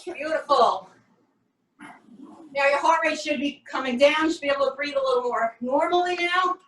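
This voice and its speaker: Woman fitness coach counting reps, high voice, echoey room a bit off mic. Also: moderate pace, a bit bright, recorded from a distance. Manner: upbeat, counting reps and giving step-by-step cues. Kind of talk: leading a workout class. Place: home workout space.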